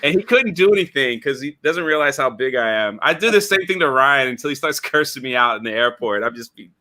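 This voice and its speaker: A man's voice: mid-range voice, expressive, brisk, pushed and bright. A man hosting a casual stream chat, playful and teasing, rambling through his stories. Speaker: stream host.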